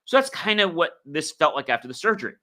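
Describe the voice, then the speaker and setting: A man's voice: on the high side, very animated, fast talker, sharp tone. A man hosting a podcast, telling a personal story in a casual, rambling way with many fillers and restarts. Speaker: podcast host.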